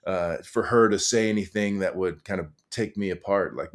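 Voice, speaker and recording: A middle-aged man, a high school coach, talking through stories in an earnest, animated way with lots of fillers and restarts. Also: normal speed. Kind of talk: conversational storytelling.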